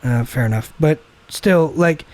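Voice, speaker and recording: Ranting young man with a higher voice. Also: measured pace, a little mellow. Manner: ranting, swearing, acts out quoted people. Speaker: podcast co-host. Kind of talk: casual chat over beers.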